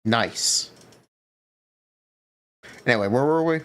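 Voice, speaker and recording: Man live-streaming, laid-back, unhurried, lively ups and downs. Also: mid-range voice. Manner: laid-back, reacts to chat, talks to viewers. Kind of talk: casual live-stream chat.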